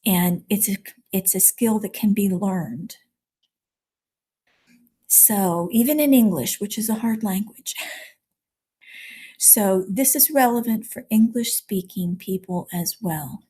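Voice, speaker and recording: A woman communication coach speaking in a measured, affirming way. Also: medium pitch, warm tone, slightly rough. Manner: measured, affirming, gives frequent backchannels. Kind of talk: conversational interview.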